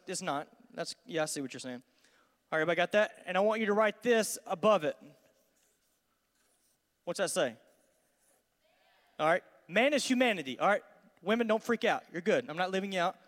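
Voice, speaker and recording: A man, a student pastor giving an energetic, conversational youth sermon in a large church hall. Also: sits high, fairly quick, long pauses. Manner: energetic, conversational, acts out dialogues. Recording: long hall reverb.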